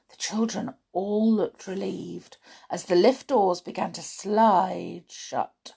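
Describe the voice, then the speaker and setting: A woman reading a children's book aloud in an expressive, dramatic way. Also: medium pitch, takes it slowly, vocal fry, breathy edge. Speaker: storyteller.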